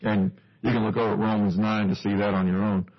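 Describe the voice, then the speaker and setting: A man's voice: fairly low pitch, level tone, quick pace. A male preacher giving a sermon, teaching earnestly and putting questions to his listeners, on a dull lo-fi recording.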